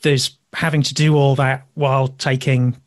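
A man's voice: medium pitch, flat delivery, normal speed, no room sound, clean studio sound. A man with a Yorkshire accent, a magazine editor speaking as a podcast guest in casual chat, rambling with frequent restarts and wry asides.

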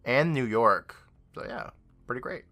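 Animated joking podcast co-host man. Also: medium pitch, a little slow, dry recording. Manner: joking, swearing, playing out quoted lines. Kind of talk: casual recap chat.

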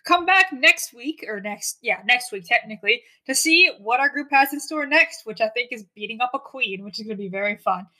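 A woman's voice: on the high side, animated, a little fast, hardly any pauses, pushed and bright, poor audio. A woman playing in a tabletop game who also closes the show, playful and enthusiastic. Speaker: player and show host. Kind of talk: casual tabletop play.

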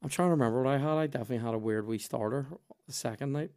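A man, hosting a podcast and telling animated, sweary stories in casual chat. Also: medium pitch, racing. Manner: animated, sweary, acts out voices in his stories. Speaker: podcast host.

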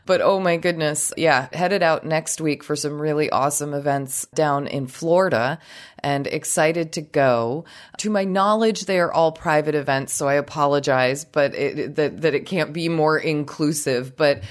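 A woman's voice: low-pitched, moderate pace. A woman co-hosting a podcast in casual chat, talking with many restarts and laughing often, with a voice strained from overuse. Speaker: podcast co-host.

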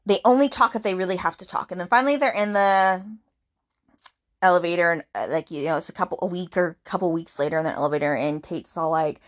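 A woman's voice: fairly low pitch, quick pace. A woman hosting a book podcast, recapping the plot in a chatty, rambling way with fillers and acted-out quotes.

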